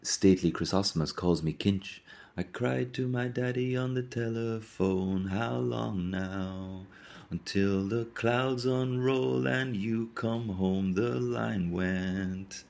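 A man's voice: low-pitched, fairly quick, hardly any pauses, close to an everyday voice. A man doing a cold, brooding young man. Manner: cold, quiet, withdrawn. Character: gloomy, brooding young male student.

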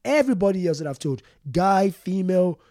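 A young man, a comedian speaking candidly in an interview, halting and repeating himself, often laughing. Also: high voice, animated, mellow, dry recording, studio quality. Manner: halting, repeats words, frequent "you get me", laughs often. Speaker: stand-up comedian, guest.

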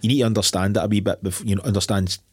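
Husky, fast-talking Scottish man. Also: fairly low pitch, fairly even intonation, no echo, clean studio sound. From Scotland. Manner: sweary, blunt, lots of "aye". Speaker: podcast co-host. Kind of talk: casual film chat.

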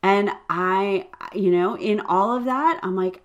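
A woman's voice: mid-range voice, animated, normal speed, few pauses, dull audio. A woman hosting a faith podcast, talking earnestly and conversationally with frequent fillers. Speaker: podcast host.

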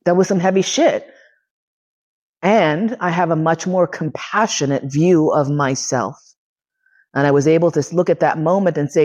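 Low-voiced woman telling blunt stories. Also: measured pace, long pauses, a little mellow, muffled recording. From United States. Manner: candid, profane, emotionally charged. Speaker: lecturer and podcast host. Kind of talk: personal storytelling lecture.

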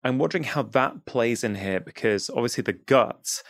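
A man hosting an interview conversation, asking reflective questions in a halting way and often repeating words. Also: medium pitch, vocal fry, no room sound. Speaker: podcast host.

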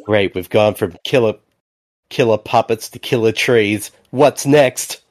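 A man co-hosting a podcast, chatting casually as he riffs on a movie, laughing often and talking with excitement. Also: lowish voice, unhurried. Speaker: podcast co-host. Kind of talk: casual movie riffing chat.

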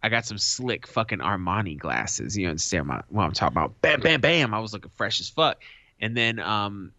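A man co-hosting a podcast, telling a story in a casual, animated way and swearing freely. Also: fairly low pitch, a little fast, no echo. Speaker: podcast co-host. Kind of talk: casual chat. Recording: dull lo-fi sound.

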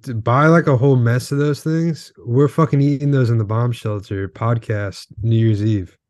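A young man co-hosts a podcast in loose, crude chat, swearing through most of his lines. His voice sits at an ordinary pitch for a man. The sound is dry and close, with no room echo. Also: steady tone, normal speed, a little mellow. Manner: crude, profane banter. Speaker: podcast co-host. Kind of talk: casual chat.

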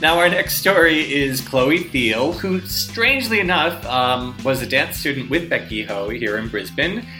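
A man hosting a storytelling show, introducing the next teller in a lively, theatrical way. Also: mid-range voice, measured pace, hardly any pauses. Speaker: host. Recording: music playing under the voice. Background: guitar music.

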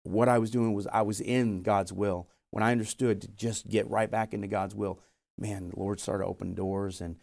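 Speaking at a normal speed with fairly even intonation, this young man's lowish, slightly mellow voice carries some vocal fry. He is a missionary guest in an interview, giving an earnest testimony about his call to missions and voicing the quotes like a storyteller.

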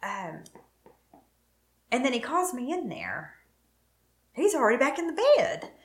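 A woman's voice: sits high, very animated, measured pace. A middle-aged woman tells her own story with emotion, acting out what was said to her. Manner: emotional, vivid retelling with quoted dialogue. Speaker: guest telling her story. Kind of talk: personal storytelling. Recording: roomy echo.

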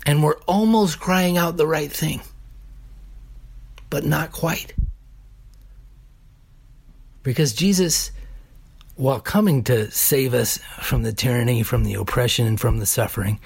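A man preaching a sermon deliberately, building emphasis through repeated phrases. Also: mid-range voice, vocal fry, slightly rough. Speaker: pastor.

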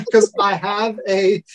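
A man with a thick New York accent, a podcast guest telling stories in a halting way, often restarting and laughing. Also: high-pitched, a bit bright, slight background noise. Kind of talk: casual interview chat.

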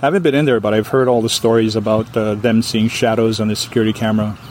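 Man telling a ghost story, animated. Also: lowish voice, quick pace, slight background noise. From Hawaii. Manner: vivid, animated telling with acted voices. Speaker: storyteller guest.

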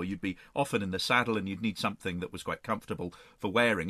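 A man's voice: on the low side, bright, forceful tone, no room sound. A man guest explaining history in a rambling, enthusiastic conversational way.

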